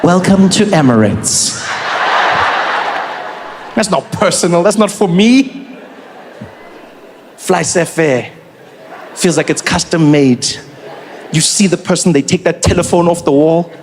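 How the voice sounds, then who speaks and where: South African man, high-pitched stand-up comic, animated delivery, faint room ambience behind. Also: a little slow, pauses often, slight background noise. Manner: animated, acts out other people's voices. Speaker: stand-up comedian. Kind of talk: stand-up comedy routine.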